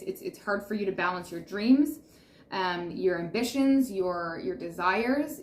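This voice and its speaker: A woman reading tarot to camera, speaking in a soothing, reassuring way and repeating affirmations. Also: mid-range voice. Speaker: tarot reader. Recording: roomy echo with faint background noise.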